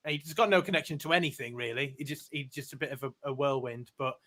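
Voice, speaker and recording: Excitable man with a bright voice. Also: mid-range voice, fast talker. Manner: excitable and self-deprecating. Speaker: guest voice actor. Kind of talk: casual podcast chat.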